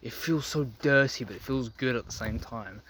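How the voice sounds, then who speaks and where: A man's voice: medium pitch, normal speed, slight background noise. A young man giving a blunt, profane, preachy monologue to camera, lecturing the men watching about dating. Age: young adult. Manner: blunt, profane, preachy, addresses viewers as gentlemen. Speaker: men's self-improvement vlogger.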